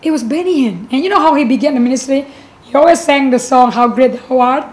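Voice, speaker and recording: A woman's voice: high-pitched, quick pace, a little mellow, low-quality recording. A woman pastor sharing her faith testimony in an earnest, emotional way, often restarting her sentences and adding "you know".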